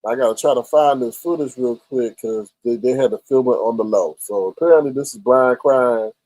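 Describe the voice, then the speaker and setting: A man's voice: mid-range voice, moderate pace, a little mellow, no echo, low-quality recording. A man hosting a live stream, chatting sassily with his chat and reacting to their messages. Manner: sassy, chatty, talks straight to chat. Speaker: livestream host reading chat. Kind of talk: casual live-stream commentary.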